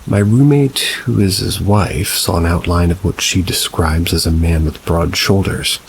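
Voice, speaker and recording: Deep-voiced man narrating ghost stories over rain. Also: a little slow, creaky, slight background noise, rough recording. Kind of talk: scripted narration of reader-submitted stories. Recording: rain sounds mixed behind the voice. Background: steady rain ambience.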